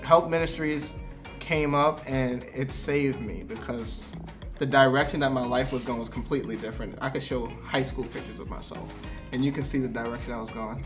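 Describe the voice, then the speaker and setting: A man's voice: medium pitch, normal speed, over music. A young man, a ministry co-founder, telling candid stories in a casual conversation. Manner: candid, animated storytelling with frequent laughs.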